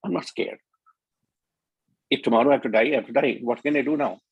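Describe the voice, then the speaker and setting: A man's voice: mid-range voice, fast talker, husky, no room sound, dull audio. A middle-aged man with an Indian English accent, giving an earnest conference talk and repeating words for emphasis. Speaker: speaker at a media conference.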